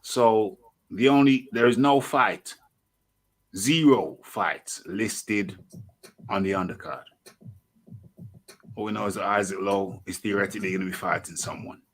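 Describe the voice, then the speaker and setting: A man hosting a live online boxing talk show, animated and thinking aloud as he searches. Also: lowish voice, measured pace, pauses often. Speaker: host.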